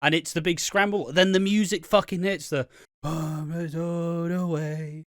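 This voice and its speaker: A British man co-hosting a podcast, recapping a soap episode in casual, excitable chat, swearing a lot and acting out the characters' lines. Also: a little high, takes it slowly, dry recording, studio quality. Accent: British English. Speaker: podcast co-host.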